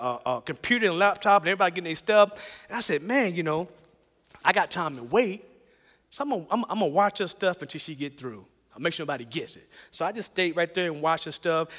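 In a big church hall with a long echo, a man preaches a sermon featuring a personal story. His high, bright voice is lively; he repeats phrases and chuckles as he goes.

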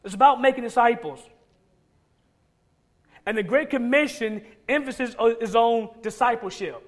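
A man's voice: very high-pitched, moderate pace. A male pastor preaching a sermon, emphatic and repetitive, firing off rhetorical questions.

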